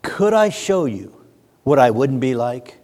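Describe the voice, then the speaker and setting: Animated preacher man in a church hall. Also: medium pitch, unhurried. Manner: animated, shouts when acting out a fan. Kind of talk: lively sermon. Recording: church hall with long reverb.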